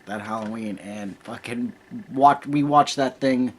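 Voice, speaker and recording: A man's voice: mid-range voice, measured pace, a little hiss or hum. Laid-back man in his thirties, swearing. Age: 30s. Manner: laid-back, swears freely, rambling anecdotes. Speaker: co-host. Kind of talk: casual chat. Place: home.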